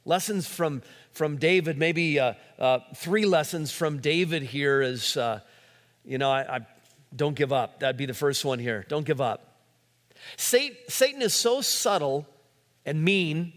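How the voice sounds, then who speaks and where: Brief: male pastor, slightly high voice, chatty sermon delivery, long hall echo. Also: animated, unhurried, fairly bright tone. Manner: conversational preaching with many fillers and restarts.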